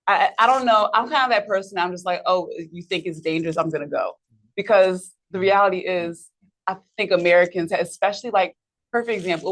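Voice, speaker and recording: A woman chats candidly and quickly. Her voice sits on the lower side, and she laughs easily. She speaks as a podcast guest. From New York. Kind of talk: casual chat.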